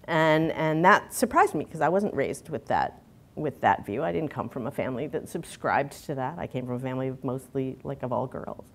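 A woman's voice: very deep voice, lively intonation, normal speed. A middle-aged woman, giving a candid conference talk full of fillers and restarts. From Canada. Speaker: conference speaker.

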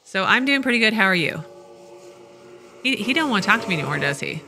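Wry bright-voiced woman gaming. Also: mid-range voice, very animated, fast, gravelly, faint music behind. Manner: wry, reads dialogue aloud and comments. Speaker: let's play host. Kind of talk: casual gameplay commentary.

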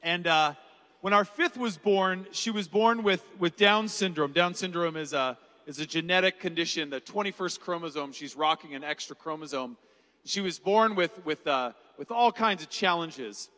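Animated man speaking in a big hall. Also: fairly high pitch, normal speed. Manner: animated, jokey storyteller who acts out quotes. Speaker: keynote speaker. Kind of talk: youth conference keynote, storytelling. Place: large conference hall. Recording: reverberant hall.

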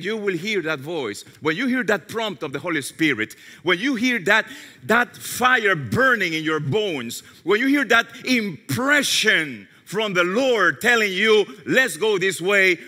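A man's voice: sits high, expressive, measured pace. Man preaching in an echoing hall. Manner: storytelling, drops to soft tones for quoted prayers. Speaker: pastor. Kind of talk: sermon. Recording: long hall reverb.

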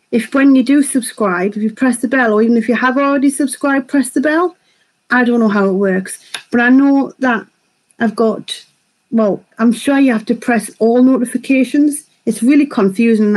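A woman, chatting quickly while hosting a live makeup tutorial and reading viewer comments aloud. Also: on the high side, darkish tone, rough recording. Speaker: beauty vlogger hosting a live stream.

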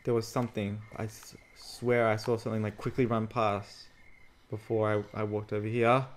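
A gaming YouTuber records a frightened let's-play of a zombie game at home on a desktop USB microphone. His voice is on the low side with a flat delivery at normal speed, yet he's jittery and jokey, swearing and yelping at the scares.

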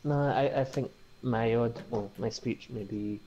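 A woman's voice: rumbling low, a little slow, dark tone, muffled recording, faint music behind. A woman from Glasgow with a mild Scottish accent, a guest chatting on a stream with dry, joking humor. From Scotland, Glasgow. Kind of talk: casual chat.

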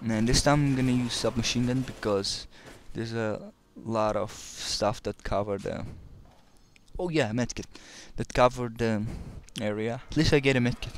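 A man's voice: mid-range voice, moderate pace, a little hiss or hum. A man casually commenting while playing a shooter game, rambling and often restarting words. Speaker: let's play commentator.

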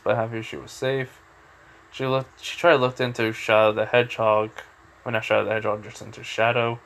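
A man's voice: on the low side, gravelly, fairly bright tone. A young man casually retelling a fan story with lots of fillers, like and you know.

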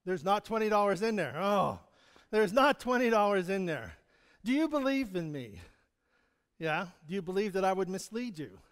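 A man delivers a sermon in an easy, conversational manner, often chuckling and asking his congregation direct questions. His voice sits high for a man. A long reverb from the church sanctuary trails after his words. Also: big pitch swings, normal speed. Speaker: pastor.

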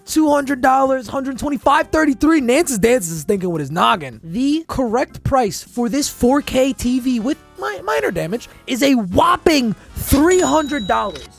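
A man's voice: extremely high pitch, very animated, normal speed, creaky, hardly any pauses, soft background music. A man hosting a price-guessing game on a live stream, brash and profane, joking with chat. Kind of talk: casual live-stream banter.

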